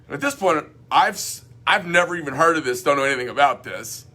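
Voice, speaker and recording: A man's voice: a little high, fast. A middle-aged man who owns a knife company, reading customer emails aloud and commenting bluntly in casual chat. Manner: blunt, rambling, animated asides.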